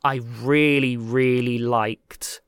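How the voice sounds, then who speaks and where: A man's voice: mid-range voice, smooth, no echo. Man, podcast co-host, casual Q&A chat, teasing, dry close mic. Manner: animated, teasing, quick to laugh.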